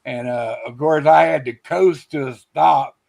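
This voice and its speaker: An older man spins a tale at an easy, drawling pace. His voice sits a little high with a gravelly edge. It is casual chat between podcast co-hosts. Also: a little slow, darkish tone. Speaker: podcast co-host. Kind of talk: casual storytelling.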